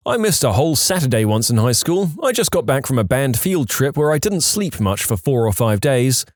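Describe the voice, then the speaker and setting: A man narrating online stories with a very lively, bouncing delivery, his pitch rising and falling widely. He speaks into a close, dry mic with no room sound at all. The reading is animated, and he acts out the quoted lines in a raised voice. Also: dry recording. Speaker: story narrator.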